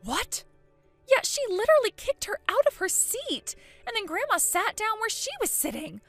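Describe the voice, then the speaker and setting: A woman voicing an excited, chatty teenage granddaughter in a storybook tale, eager and gossipy, with faint music behind. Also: very high-pitched, normal speed, exaggerated voice.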